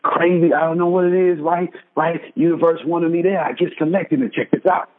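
A Texan man in his thirties speaks briskly and in a steady tone, his voice a little high and husky over a tinny phone call. He emphatically narrates his life story as an animated testimony, sprinkling in asides like "right?" and "check this out" to keep people hooked.

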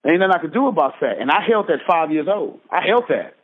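A fast-talking Texan man in his thirties, with a slightly high voice that swings widely in pitch, tells his own life story emphatically. He keeps listeners hooked with asides, repeatedly asking "right?" and "check this out." His husky voice comes through a tinny phone line.

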